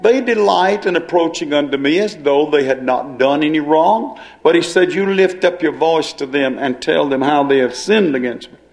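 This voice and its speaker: A man's voice: on the high side, moderate pace, hardly any pauses. A male preacher delivering a sermon, dwelling on and repeating key phrases as he explains scripture.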